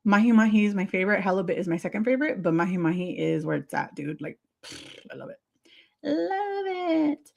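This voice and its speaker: A woman hosting a casual livestream, chatty and excitable, laughing often as she answers viewer comments. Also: mid-range voice, fairly quick, creaky. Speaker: livestream host.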